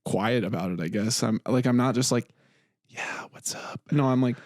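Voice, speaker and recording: A young man co-hosting a casual podcast chat, animated and quick to laugh, sometimes acting out whispered lines. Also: mid-range voice, no echo, clean studio sound. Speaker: podcast co-host.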